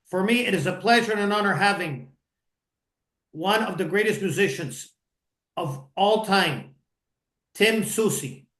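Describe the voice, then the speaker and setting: A man's voice: sits high, unhurried, long pauses, fairly bright tone. Formal male host in an echoey room. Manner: formal, effusive introductions. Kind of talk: radio interview. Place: home studio in Miami.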